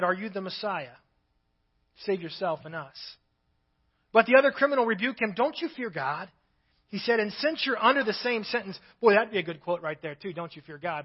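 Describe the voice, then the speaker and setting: A man's voice: high-pitched, husky, highs cut off. A male pastor preaching a sermon, reading scripture aloud and breaking off now and then for his own asides.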